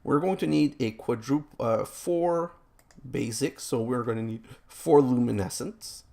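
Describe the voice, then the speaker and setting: A man's voice: medium pitch, measured pace, vocal fry, mellow. A man giving rambling, self-mocking let's play commentary as he plays a game, groaning about his own mistakes.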